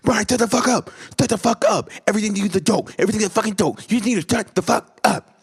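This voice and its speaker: A man acting out a young bandmate who finally snaps and yells at a friend, in a storytime vlog. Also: sits high, rapid-fire, slightly rough, pitched above the performer's own voice, full character voice. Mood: furious. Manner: yelling, furious, repetitive. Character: young man bandmate exploding in anger, shouting.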